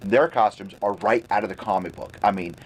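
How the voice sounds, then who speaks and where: A man's voice: lowish voice, brisk, a little hiss or hum. A man co-hosting a casual pop culture chat, rambling with frequent stumbles and restarts. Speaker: podcast co-host.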